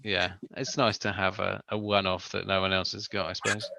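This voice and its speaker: A man's voice: low voice, little pitch movement, a little fast, creaky, bright, forceful tone. A man hosting a live build-along stream, chatty and greeting viewers as they join. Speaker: stream host and co-presenter. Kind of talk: casual live-stream chat.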